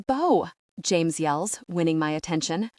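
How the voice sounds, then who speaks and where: A woman narrates a first-person audiobook with a lowish voice. Her reading is tense and urgent and climbs at the shouted lines. The sound is dry and close. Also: animated, normal speed, no echo.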